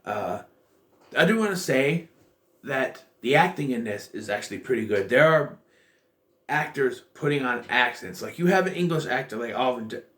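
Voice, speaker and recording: Man, mid-pitched, casual reviewer who rambles and second-guesses himself mid-sentence. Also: expressive, normal speed, a bit bright. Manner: rambling, thinking aloud with frequent restarts. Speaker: show reviewer.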